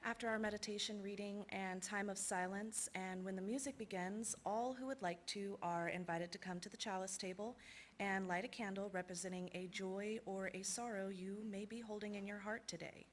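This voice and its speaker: Worship leader, woman, calm measured delivery. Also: mid-range voice, slight background noise. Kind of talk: church announcements and reading.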